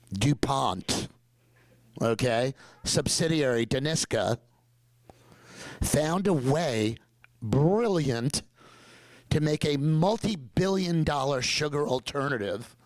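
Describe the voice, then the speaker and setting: A middle-aged man with a New York accent, giving an animated, joking presentation as a dentist. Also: medium pitch, no echo, low-quality recording. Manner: animated, joking, emphatic storyteller. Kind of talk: conference presentation.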